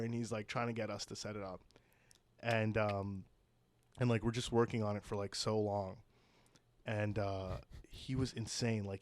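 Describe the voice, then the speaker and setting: A man's voice: medium pitch, a little mellow, no room sound. A young man telling a story as a podcast guest, rambling, swearing and saying "like" constantly. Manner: rambling, heavy use of "like", swears. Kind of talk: casual storytelling.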